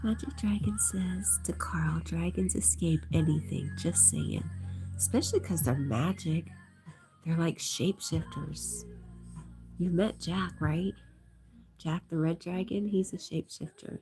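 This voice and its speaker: Middle-aged woman host, whispered role-play, low mellow voice, faint music behind. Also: a little slow. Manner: soft whispery, reads comments aloud, gentle. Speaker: livestream host reading chat.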